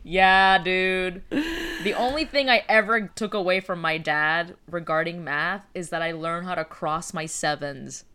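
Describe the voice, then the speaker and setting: Animated woman in casual chat. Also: on the low side, measured pace, clean tone. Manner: animated, emphatic, slangy.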